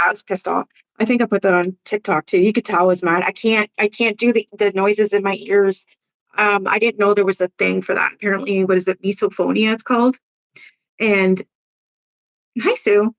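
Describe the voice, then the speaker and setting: A woman's voice: medium pitch, a bit bright, poor audio. A woman chats on a live stream in a mid-range voice, blunt and foul-mouthed. She laughs often between remarks and turns aside to greet and answer her viewers. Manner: blunt, profane gossip with frequent laughs; reads and answers viewer comments. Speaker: livestream host. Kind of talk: casual live-stream chat.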